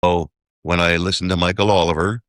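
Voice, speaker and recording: A man's voice: deep voice, little pitch movement, a little fast, a bit bright, dry recording, clean studio sound. A man speaking as an investor guest in a casual interview, rambling, working out sums aloud and often checking "okay?".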